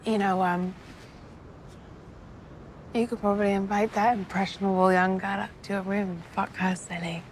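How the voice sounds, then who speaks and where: An actress playing a provocative, teasing young woman with a soft, hushed voice in a TV drama scene. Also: medium pitch, little pitch movement, moderate pace, long pauses, slight background noise, natural voice. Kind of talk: TV drama acting.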